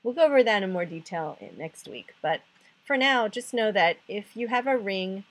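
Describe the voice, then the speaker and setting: A woman's voice: mid-range voice, animated, normal speed. A woman teaching a recorded chemistry lesson, explaining patiently step by step, counting aloud and making self-deprecating jokes. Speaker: chemistry tutor.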